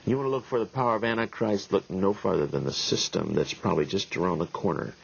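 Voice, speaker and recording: A middle-aged pastor with a husky, somewhat low voice tells a story from the pulpit in a wry, folksy way, chuckling as he goes. The sound is dull and lo-fi, like an old 1990s video tape. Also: fast. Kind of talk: storytelling sermon talk.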